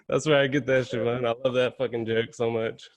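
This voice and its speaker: A man's voice: mid-range voice, level tone, moderate pace. A young man hosting a casual podcast, easygoing and jokey, often calling his guest man or bro. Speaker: podcast host. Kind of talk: casual chat.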